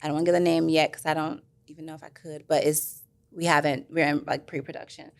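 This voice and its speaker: Interview guest: woman, lowish gravelly voice, rambling and animated. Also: fast talker. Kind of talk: casual interview chat.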